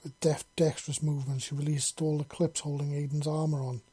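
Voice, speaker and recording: Fan fiction narrator, husky, mellow, stumbles and corrects words. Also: medium pitch, little pitch movement, a little fast. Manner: unpolished reading with slips and self-corrections. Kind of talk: reading fan fiction aloud.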